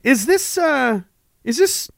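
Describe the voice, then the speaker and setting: A man's voice: extremely high pitch, very animated, slow pace, gravelly, fairly bright tone, no room sound, clean studio sound, pitched above the performer's own voice, exaggerated voice. A man doing an impression of a dogged male reporter who pesters soldiers with questions and stammers through restarts. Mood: mock earnest.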